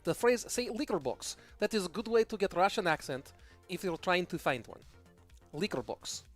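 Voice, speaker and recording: A man commentating a live esports match in a fairly high voice. He swings from excitable play-by-play to loose, rambling asides, with faint music playing behind him. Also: fairly quick. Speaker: esports caster.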